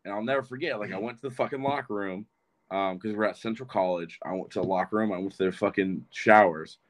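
A podcast guest in his twenties speaks fast in a fairly low voice. Chatting casually, he tells a rambling, profane story with frequent restarts.

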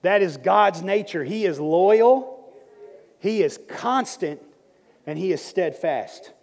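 A man preaches in a church with a high, bright-pitched voice, moving between soft prayer and playful teasing of his congregation. His words ring out with a long reverb from the hall around him. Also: slow pace, gravelly. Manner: lively, joking preacher who prays and teaches. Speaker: pastor. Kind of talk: sermon. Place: church sanctuary.

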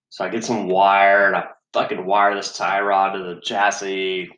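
Swearing low-voiced man in echoey room. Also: little pitch movement, normal speed, few pauses, fairly bright tone, muffled recording. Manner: heavy swearing, sighs and laughs while telling a story. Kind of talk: profane casual storytelling.

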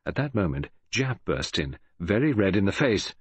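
Husky man narrating an audiobook. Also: lowish voice, dry recording. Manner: expressive, measured storytelling. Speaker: audiobook reader. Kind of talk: scripted narration.

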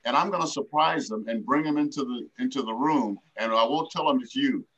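A man's voice: mid-range voice, brisk, fairly bright tone, dull audio, lightly acted. An older man voicing a friendly male road manager in a retold story. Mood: brisk.

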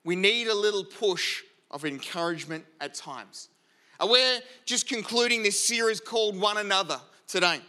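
A pastor in middle age delivers an earnest sermon, moving from prayer into lively storytelling. His voice is high for a man and very bright, with a sharp, tense edge. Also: moderate pace. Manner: earnest, storytelling, self-deprecating.

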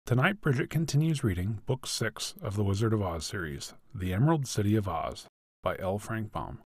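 A man hosting a family storytime show, giving a brisk, formal scripted introduction. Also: lowish voice, animated, a little mellow, breathy edge, dry recording, clean studio sound. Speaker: show host.

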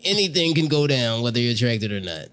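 A man's voice: mid-range voice, big pitch swings, fast talker. A man co-hosting a podcast in casual banter, joking and slangy. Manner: joking, slangy, loud laughs. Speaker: podcast co-host.

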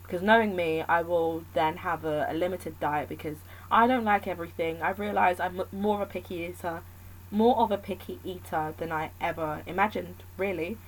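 A woman's voice: lowish voice, fairly even intonation, normal speed, rough recording. A woman talking alone in a casual, candid chat, thinking aloud and rambling between points.

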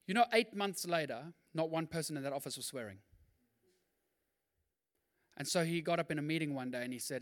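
A male pastor preaching a sermon in a lively, conversational way, with quick asides and acted-out quotes. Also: a little high.

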